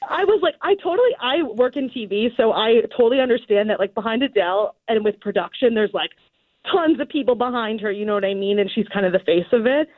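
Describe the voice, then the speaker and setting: A young woman tells her story over a tinny phone line, giggling often and acting out the voices. Her voice sits a little high and sounds dry and close. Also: expressive, fast, no echo. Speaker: guest caller. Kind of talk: casual phone interview.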